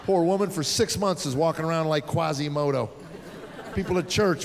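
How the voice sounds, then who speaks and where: A man's voice: fairly high pitch, normal speed, a faint crowd, a little hiss or hum. A middle-aged man from the United States doing a stand-up set, telling exasperated, sardonic stories about raising his kids. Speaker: stand-up comedian. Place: theater stage before a live audience. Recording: live stage recording with hall reverb.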